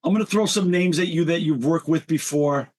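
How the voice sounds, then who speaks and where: A man's voice: a little high, fairly quick, darkish tone. Enthusiastic male interview host. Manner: short affirming interjections and enthusiastic questions. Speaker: podcast host.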